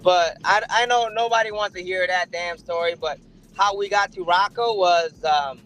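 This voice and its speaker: A man's voice: high voice, normal speed, fairly bright tone, a little hiss or hum, rough recording. A sick middle-aged man, a dog breeder guest, chatting casually and rambling with many fillers. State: sick, chewing a lozenge. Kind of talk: casual podcast chat.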